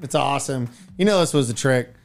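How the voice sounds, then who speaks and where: A woman's voice: rumbling low, gravelly, soft background music. A woman co-hosting a radio show, chatting and joking in a playful, teasing way. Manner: playful, teasing, quick jokes. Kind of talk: casual morning radio banter.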